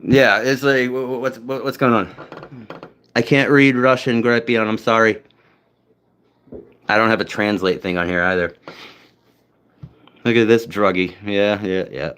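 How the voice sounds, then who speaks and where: A man's voice: fairly low pitch, fairly even intonation, unhurried, pauses often, fairly bright tone, clean tone. A young man from New England chatting casually with his viewers, rambling and swearing, with many fillers. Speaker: streamer.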